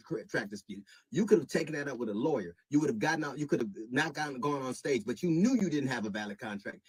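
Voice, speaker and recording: Indignant middle-aged man, husky and dry. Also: medium pitch, animated, no room sound, poor audio. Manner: measured, growing indignant; halting restarts. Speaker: comedian. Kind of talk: public statement.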